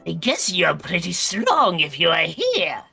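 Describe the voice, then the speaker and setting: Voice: mid-range voice, huge pitch swings, measured pace, vocal fry, bright, forceful tone, husky, heavily acted. A player voicing a scheming male ratman king in a put-on Irish accent, in a tabletop-style video game session, with faint music behind.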